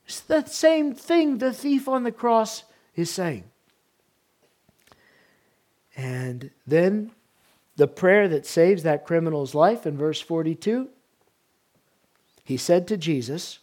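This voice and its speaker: A male pastor delivering a sermon, moving from quiet, hushed passages to loud, emphatic ones. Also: high-pitched, expressive, slow, long pauses.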